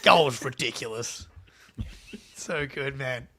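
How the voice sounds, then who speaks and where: A man co-hosting a casual live stream, excitable and laughing often, quick to apologize. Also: mid-range voice, noisy background. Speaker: podcast co-host.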